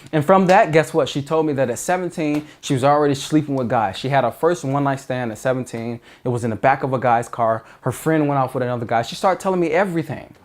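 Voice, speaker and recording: A man giving dating advice in an earnest, emphatic monologue, often restarting sentences. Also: fairly high pitch. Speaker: dating coach.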